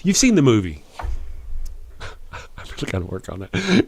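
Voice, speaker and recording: A man hosting a live stream, reading chat comments out loud in a wry, chuckling, fast manner. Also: mid-range voice, a little hiss or hum. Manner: animated, chuckling, wry, quick after lots of coffee. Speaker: live-stream show host.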